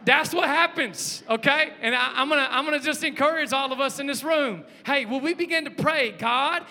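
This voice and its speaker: A man, preaching a lively sermon, joking and calling out to the congregation. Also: extremely high pitch, normal speed. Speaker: pastor. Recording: long hall reverb.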